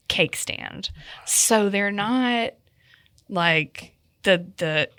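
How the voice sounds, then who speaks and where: A woman hosting a podcast in a studio, chatting casually with animated quick asides. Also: lowish voice, no echo. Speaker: podcast host.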